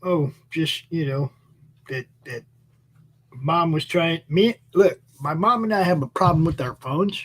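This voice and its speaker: Male co-host, husky and slightly high-pitched, laid-back rambling chat. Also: unhurried. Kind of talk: casual chat.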